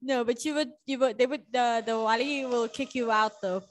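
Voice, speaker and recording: Playful high-voiced woman teacher. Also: fairly even intonation, normal speed. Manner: playful, laughs often, teasing. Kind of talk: casual classroom banter. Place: school classroom.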